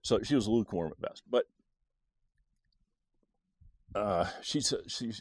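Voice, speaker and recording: A middle-aged man telling a personal story, recalling it in a halting way with frequent restarts. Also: lowish voice, husky, no echo, clean studio sound. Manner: animated, halting recollection with restarts.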